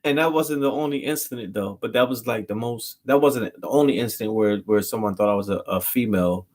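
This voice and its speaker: A man's voice: fairly low pitch, a little fast, darkish tone. A man, rambling through a story to his channel in loose, slangy talk. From Philadelphia. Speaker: vlogger. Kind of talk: casual storytelling to camera.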